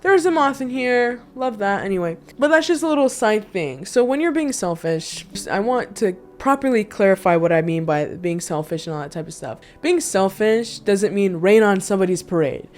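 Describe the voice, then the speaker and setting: A woman's voice: mid-range voice, expressive, moderate pace, hardly any pauses, darkish tone, soft background music. A young woman vlogger in casual chat indoors, telling stories candidly and animatedly with lots of asides. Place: indoor room.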